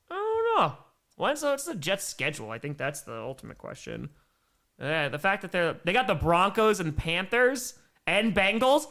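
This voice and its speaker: A young man hosting a casual live stream, reading viewer messages aloud and reacting in an animated way, swinging between low mumbles and loud excited bursts. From American Midwest.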